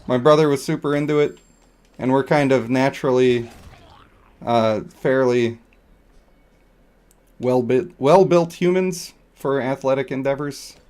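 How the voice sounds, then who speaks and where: A man's voice: medium pitch, measured pace, pauses often, a little mellow, clear, resonant tone. A man streaming a video game, chatting casually in a rambling, joking, self-deprecating way. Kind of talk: casual live-stream chat over gameplay.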